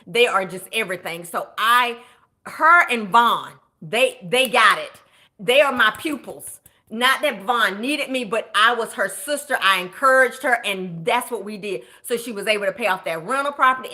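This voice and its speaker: Brief: animated woman coach, bright and fairly high voice, casual chatty stream. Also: a little slow. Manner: animated, exclaims and shouts to viewers. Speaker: budget coach. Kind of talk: casual live-stream chat.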